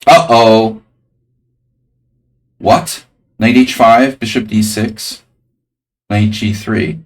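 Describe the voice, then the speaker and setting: A man's voice: lowish voice, fairly even intonation, drawn-out words, long pauses, recorded from a distance, low-quality recording. A man streaming chess, thinking aloud over his moves with dry, jokey asides. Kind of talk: live-stream chess commentary.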